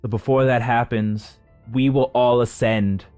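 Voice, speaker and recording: A man voicing a commanding woman who leads a council, proclaiming in a raised, forceful voice. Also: mid-range voice, steady tone, unhurried, smooth, dry recording, faint music behind, pitched above the performer's own voice, close to an everyday voice. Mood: rallying. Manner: proclaiming, rallying a crowd.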